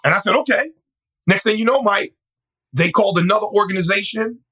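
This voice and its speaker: A man, a pastor, telling his story in a lively, animated way, sometimes jumping to a high voice to quote a friend. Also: fairly quick, husky, rough recording. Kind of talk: storytelling in an interview.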